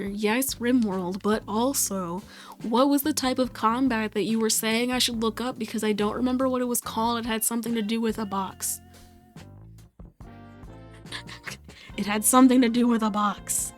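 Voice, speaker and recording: A woman's voice: fairly high pitch, fairly even intonation, normal speed, soft background music. A woman streaming a game and chatting casually, rambling and amused with herself. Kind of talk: casual gaming stream chat.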